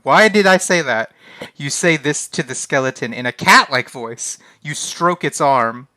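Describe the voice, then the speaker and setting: A man's voice: on the high side, unhurried, pushed and bright, no room sound. A young man streaming a text adventure game, reading the game text aloud in a casual, flustered way and often laughing. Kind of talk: casual live-stream commentary.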